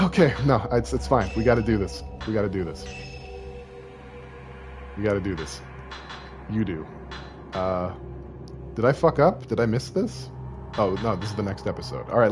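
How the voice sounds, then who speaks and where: A Canadian man near forty chats through a game stream in a lowish voice that swings widely from mumbles to loud outbursts. He jokes at his own expense and talks straight to his viewers, with game music playing clearly behind him. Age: late 30s. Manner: joking, self-deprecating, chatting with viewers. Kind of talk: casual game stream commentary.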